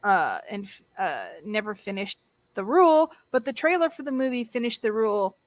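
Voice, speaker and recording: A woman's voice: mid-range voice, big pitch swings, normal speed, no room sound. A woman hosting a casual podcast chat, talking freely and reading notes aloud. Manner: chatty, reads aloud and hums while searching. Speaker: podcast host.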